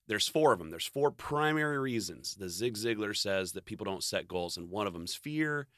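A man's voice: lowish voice, expressive, normal speed, a bit bright, no echo, studio quality. A man giving a casual, rambling motivational monologue, swearing freely, laughing often and cutting himself off mid-thought. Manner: profane, rambling, self-interrupting, laughs often. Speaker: vlogger.

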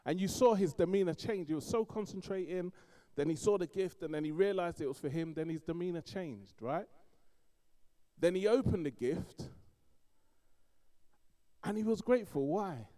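A middle-aged man from East London with a London accent, preaching a sermon in an animated storytelling way, swinging between loud emphasis and quiet asides. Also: sits high.

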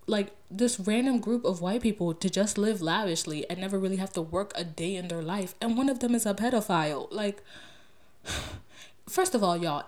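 A young woman speaks into her podcast microphone in a loose, rambling rant. She sounds exasperated and swears freely, her voice climbing sharply when something outrages her, then dropping to a quieter mutter. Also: mid-range voice. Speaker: podcast host. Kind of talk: casual solo podcast rant.

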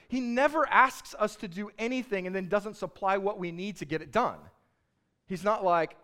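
Male pastor, slightly high voice, chatty animated sermon delivery. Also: normal speed. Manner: conversational, animated storytelling preacher.

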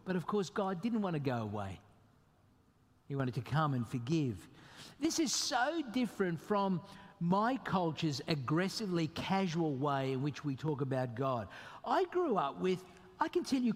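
A fairly high-voiced man preaching to a congregation, emphatic and animated, his voice swinging sharply up for emphasis. A long hall reverb trails after his words. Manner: animated, emphatic preaching with sudden pitch jumps. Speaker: pastor. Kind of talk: sermon.

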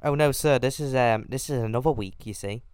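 A man's voice: medium pitch, brisk, darkish tone, clean tone, dry recording. A man making a prank phone call, trading childish taunts and insults. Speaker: prank caller.

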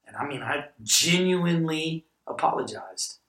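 A man's voice: a little high, unhurried. A middle-aged man, a guest pastor, telling stories in a podcast conversation and acting out the dialogue. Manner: animated storyteller who acts out dialogue. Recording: roomy sound from a distant mic.

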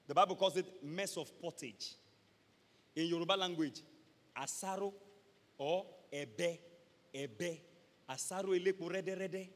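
High-voiced Nigerian pastor preaching. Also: male voice. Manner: dramatic, acts out scenes, switches to loud shouts. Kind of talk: sermon. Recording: echoey hall with long reverb.

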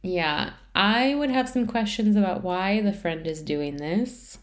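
A woman's voice: mid-range voice, measured pace, a little hiss or hum. A woman co-hosting a casual podcast chat, wry and laughing often. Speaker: podcast co-host.

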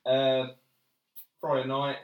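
A man's voice: mid-range voice, monotone, takes it slowly, phone-quality sound, a little hiss or hum. A young man, chatting as a podcast guest and laughing often. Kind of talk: casual chat. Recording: roomy sound, distant mic.

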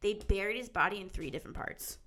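A young adult woman co-hosting a podcast, telling a gruesome story in a giggly, crude, animated way. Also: medium pitch, quick pace. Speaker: podcast co-host. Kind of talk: casual chat, storytelling.

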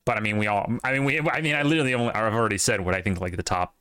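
A man's voice: fairly low pitch, racing, sharp tone, smooth, no echo, studio quality. A man co-hosting a casual podcast chat, opinionated and rambling, with plenty of fillers. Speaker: podcast co-host.

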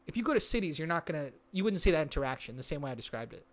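A man co-hosting a casual movie podcast, telling stories in an animated way with many restarts and fillers. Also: on the high side, rapid-fire. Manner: animated storyteller, lots of likes and restarts. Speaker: podcast co-host.

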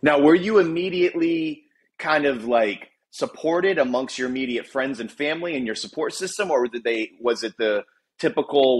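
Brief: male podcast host, mid-pitched, relaxed and rambling, swears casually. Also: normal speed. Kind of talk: casual interview chat.

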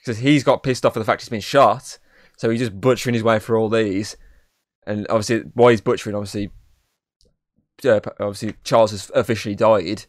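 In studio-quality audio without echo, a young man with a fairly low voice speaks a little fast and keeps his tone steady. The podcast co-host rambles casually through a film review, swearing freely with "obviously" in almost every sentence.

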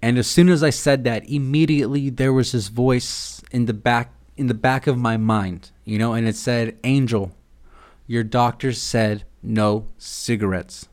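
A man's voice: mid-range voice, steady tone, moderate pace, few pauses, darkish tone. A young man hosting a podcast, telling a rambling, irreverent comic story full of swearing. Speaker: podcast host. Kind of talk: casual comedic monologue.

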